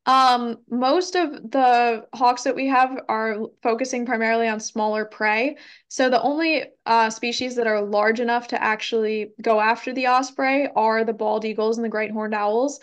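A young woman with a slightly high voice presents an educational talk in a relaxed, conversational way. She fills pauses with ums and hedges her answers. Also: clear, resonant tone. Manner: frequent ums, hedging, conversational. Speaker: environmental educator giving a talk. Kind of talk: casual presentation with Q&A.

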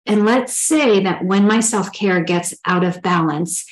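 A woman's voice: medium pitch, a little slow, rough recording. A middle-aged woman giving a spoken spiritual teaching in an earnest, reflective way, sometimes acting out inner dialogue.

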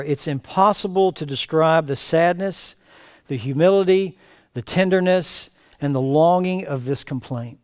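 A male pastor preaching an impassioned sermon, swinging between raised emphatic phrases and hushed, low lines. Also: no echo, clean studio sound.

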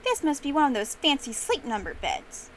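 A woman's voice: sits high, big pitch swings, normal speed, a little hiss or hum, low-quality recording. A woman voicing a picky, pouty young girl who drawls her complaints in a storytelling piece.

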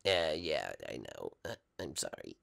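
A man's voice: rumbling low, big pitch swings, unhurried, vocal fry, a bit bright, no room sound, studio quality, full character voice. A man voicing a nerdy, awkward cartoon boy sidekick in a fan game role-play, nervous and stammering.

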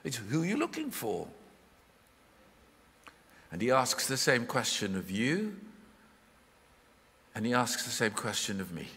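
Male preacher, live church sermon, lively pitch, hall echo, asks the room questions. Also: a little slow, pauses often, slightly rough. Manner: expressive, questioning, voices the Bible figures in his retelling.

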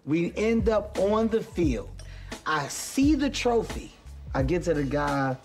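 A man's voice: high-pitched, takes it slowly, soft background music. A man from Philadelphia hosting a talk show, telling a comedic story and acting out the voices in it. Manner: animated, acts out voices in his stories. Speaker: host.

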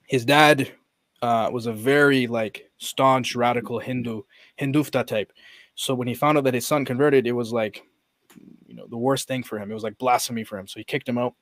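A man's voice: medium pitch, fairly even intonation, moderate pace, a bit bright, no echo. A man on a podcast as guest coach, animatedly retelling a story and quoting the people in it, with many fillers and restarts. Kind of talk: conversational storytelling.

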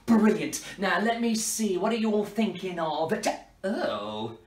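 A man's voice: high-pitched, big pitch swings, a little slow. A man hosting a children's party show, talking to the kids in a playful, mock-dramatic way. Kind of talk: kids' party performance. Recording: roomy, from a distance.

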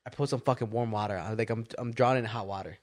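A man co-hosting a podcast, telling a story in casual, animated chat full of swearing and "dude". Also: fairly low pitch, fast. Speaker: podcast co-host.

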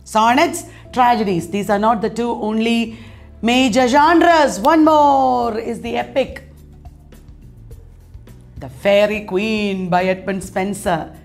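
A woman's voice: a little high, slow, darkish tone, faint music behind. A woman teaching an exam-prep literature lecture, speaking in an emphatic way and repeating key terms.

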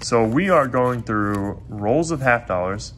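A man hosting a casual coin roll hunting vlog, chatty and quick to get excited, who is losing his voice. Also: medium pitch, noisy background. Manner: chatty, excitable when surprised. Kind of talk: casual hobby vlog narration.

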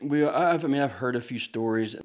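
A man's voice: medium pitch, fairly quick. A man in an interview, speaking thoughtfully and searching for his words. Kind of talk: casual conversation.

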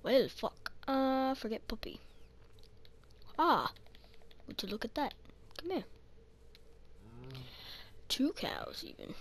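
A woman's voice: high-pitched, expressive. A woman casually commenting while playing a game, muttering to herself and swearing often. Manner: slow, muttering, swears a lot. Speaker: gaming channel host. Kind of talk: casual let's-play commentary.

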